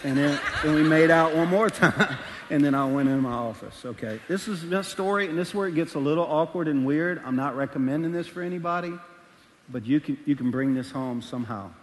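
A middle-aged man preaching to a congregation, his fairly high voice ringing out with a long hall echo behind it. He tells a story from his own life candidly, jumping into the voices of the people in it. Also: brisk, a little hiss or hum. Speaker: pastor. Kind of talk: sermon. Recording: large hall reverb.

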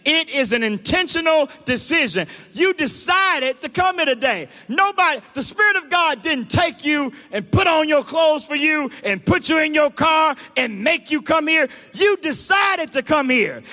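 Pastor guy preaching, bright high voice, builds to shouts, big echoey church hall. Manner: preaching with rising shouts and call-outs. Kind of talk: sermon. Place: large church auditorium.

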